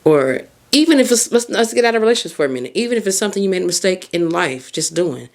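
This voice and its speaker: A woman's voice: lowish voice, expressive, fast, a little mellow. A woman hosting a podcast, giving a casual motivational monologue in an emphatic, colloquial way, talking straight to the listener. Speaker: podcast host and mindset coach.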